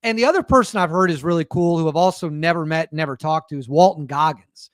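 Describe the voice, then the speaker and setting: Speaking fast in a fairly high pitch, a man runs his own podcast with sarcastic, rambling casual commentary. He frequently cuts himself off mid-sentence. The audio is dry and of studio quality.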